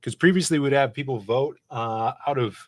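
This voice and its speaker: A man's voice: mid-range voice, moderate pace, no echo. Easygoing man steering the chat. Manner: reads tweets and chat aloud, steers the topics. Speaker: co-host of comics channel. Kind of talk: casual chat. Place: office.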